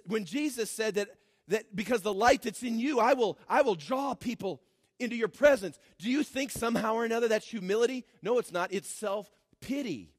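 A man preaching a sermon as pastor, swinging from shouted declarations to low, mocking asides. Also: slightly rough, no echo, studio quality. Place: church.

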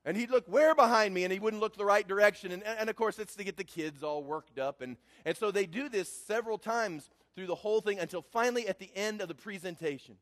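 A man's voice: high voice, fast talker, hardly any pauses, a bit bright, long reverb tail. A man telling a personal story in a sermon as a preacher, building to emphatic preaching.

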